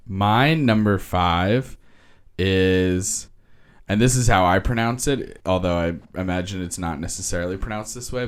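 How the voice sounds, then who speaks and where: Podcast co-host, male, very low voice, casual, excitable, swears freely. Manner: enthusiastic, swears casually, laughs often. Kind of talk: casual chat.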